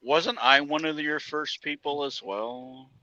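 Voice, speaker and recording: A man's voice: fairly high pitch, measured pace, pushed and bright, no room sound, muffled recording. A man with a Wisconsin accent, a guest in a casual live-stream chat, joking, laughing and swearing loosely over a video call. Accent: Upper Midwest, Wisconsin.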